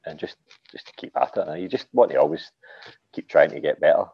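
A man's voice: rumbling low, animated, brisk, slightly rough, dry recording, highs cut off. A man with a Glaswegian accent, an author guest chatting casually on a podcast, swearing freely and dropping "like" and "aye".

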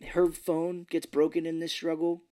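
A woman co-hosting a podcast, casually recapping a bad movie with sarcastic asides and quick put-on character voices. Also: low voice, little pitch movement, warm tone. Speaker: podcast co-host.

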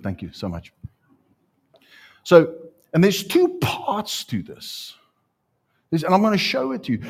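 In church, a man with a fairly high, slightly rough voice preaches to the gathered congregation. As the pastor, he tells animated stories and summons people forward for a live demonstration.

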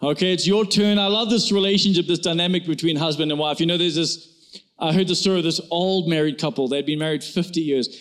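Man, pastor, high voice, urgent exhorting sermon, addressing a congregation. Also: fairly even intonation, fast talker, a bit bright. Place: church hall with a congregation.

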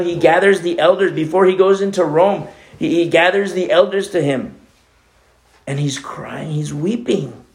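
A man's voice: a little high, a little mellow. A man preaching a sermon as co-pastor, talking in a conversational way with many asides.

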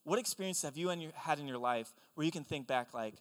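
A young man preaching a sermon, telling stories in an animated, conversational way. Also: a little high, quick pace, few pauses. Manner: animated storytelling, excitable and conversational. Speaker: pastor. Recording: long hall reverb.

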